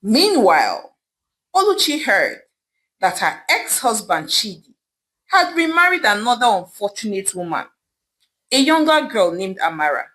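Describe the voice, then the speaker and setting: Expressive woman telling a folktale. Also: mid-range voice, a little slow, rough recording. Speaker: storyteller. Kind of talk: folktale narration.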